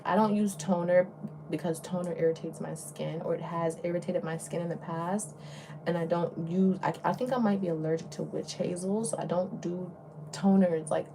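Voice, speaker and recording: This is a young woman with a Southern US accent, a beauty influencer wandering from thought to thought in a relaxed get-ready-with-me chat. Her voice sits a little low, and now and then she drops into a soft whisper. A steady hiss of home background noise runs under her speech. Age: young adult.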